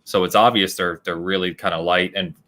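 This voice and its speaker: A man's voice: low-pitched, fairly even intonation, fairly quick, pushed and bright. A man co-hosting a podcast, talking casually and animatedly, laughing often and thinking aloud with fillers. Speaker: podcast co-host.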